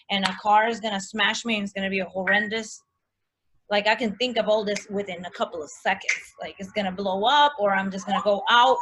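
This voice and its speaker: A woman telling a personal story as a guest in a casual chat, animated, full of likes and restarts. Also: medium pitch, noisy background.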